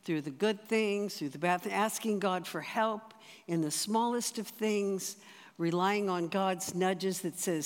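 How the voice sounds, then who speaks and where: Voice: medium pitch, unhurried. Conversational preacher in an echoing hall. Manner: conversational, with rhetorical asides to the audience. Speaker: church teacher. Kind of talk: sermon teaching. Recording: long reverb in a large hall.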